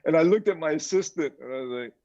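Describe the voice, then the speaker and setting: An older man, a mixing engineer, telling animated anecdotes in a casual interview and chuckling as he quotes others. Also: a little high, fast. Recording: dull lo-fi sound.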